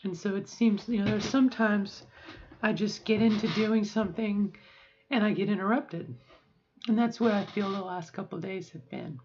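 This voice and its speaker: Middle-aged woman, reflective and halting. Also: medium pitch, a little mellow, muffled recording, a little hiss or hum. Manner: reflective, halting, with frequent fillers and restarts. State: strained, sore voice. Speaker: vlogger. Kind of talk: personal video diary. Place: at home.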